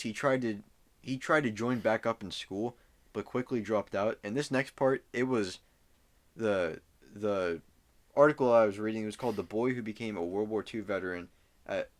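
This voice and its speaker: A young man co-hosting a podcast, telling a story loosely in casual chat, with fillers and swearing. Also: fairly low pitch. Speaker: podcast co-host.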